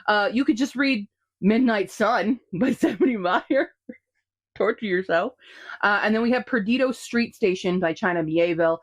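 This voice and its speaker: A woman vlogging casual book recommendations to camera, chatty and upbeat with frequent ums and asides. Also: on the low side.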